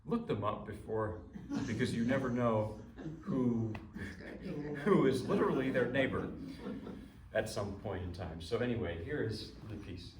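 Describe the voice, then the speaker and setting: A man's voice: mid-range voice, animated, measured pace, background noise. A man talking to his audience before he plays a piano piece. He talks chattily and with jokes, restarting his sentences often. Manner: chatty, rambling, jokey, many restarts. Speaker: pianist introducing a piece. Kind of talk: informal recital talk. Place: recital room. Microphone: distant mic. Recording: echoey room from far off.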